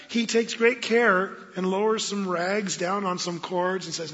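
A man preaching a sermon as pastor of his church, animated and acting out quoted voices. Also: high-pitched, measured pace, few pauses. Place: church sanctuary. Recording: dull lo-fi sound with long hall reverb.

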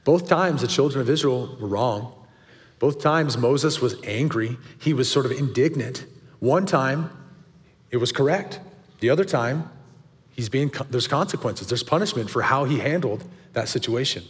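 A male guest pastor preaching earnestly to a men's group. He asks a lot of questions and lifts his pitch sharply for emphasis. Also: expressive, normal speed, long reverb tail.

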